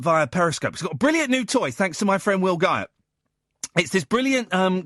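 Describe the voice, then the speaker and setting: A man's voice: high voice, fairly bright tone, no room sound. A man hosting live late-night radio from a studio, chatty and jokey, flustered by fiddly technology. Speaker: radio host. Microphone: studio microphone.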